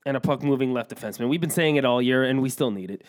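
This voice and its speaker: A man co-hosting a casual hockey chat, his voice sitting at an ordinary middle pitch. He talks bluntly and with strong opinions, dropping jokes and teasing his co-host along the way. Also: rapid-fire.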